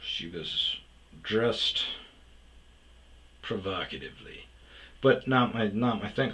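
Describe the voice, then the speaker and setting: A man's voice: lowish voice, lively intonation, slow, pauses often, sharp tone, low-quality recording. Profane, rambling man telling a story. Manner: rambling, profane, self-interrupting. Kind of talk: casual spoken storytelling.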